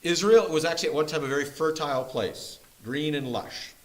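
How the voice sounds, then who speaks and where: A man's voice: a little high, brisk, poor audio. A man leading a Bible study group, teaching from a map in a playful, joking way. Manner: jokey and playful, often laughing. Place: church meeting room.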